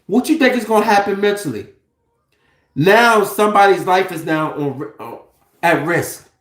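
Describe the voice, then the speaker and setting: A man's voice: high voice, expressive, moderate pace, fairly bright tone, echoey room. A man delivering an impassioned, profane monologue, firing off rhetorical questions in a heated, preachy way.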